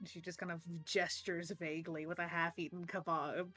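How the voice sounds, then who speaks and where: A woman's voice: on the low side, flat delivery, moderate pace, bright, forceful tone, soft background music. A woman playing a tabletop game, chatting casually and bluntly. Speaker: player.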